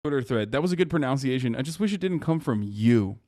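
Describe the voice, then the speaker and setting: A man's voice: mid-range voice, fast, no room sound, clean studio sound. A man streaming live, chatting casually, swearing, laughing and mocking with sarcastic banter. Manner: swearing, laughing, animated outbursts; joking, sarcastic banter with chat. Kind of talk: casual livestream chat.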